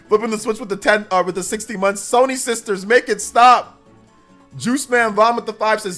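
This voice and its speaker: Guy streamer rambling and laughing, kinda high voice, soft music in the back. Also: fairly even intonation, normal speed. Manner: rambling and laughing, reading donation messages aloud. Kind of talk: casual livestream reaction chat.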